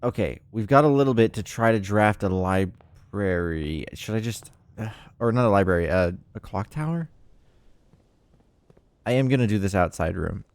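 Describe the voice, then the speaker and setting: A man's voice: fairly low pitch, animated, normal speed, clear, resonant tone, dry recording. A man livestreaming a puzzle game, chatting casually and rambling with lots of ums and frequent laughs. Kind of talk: casual live-stream chat.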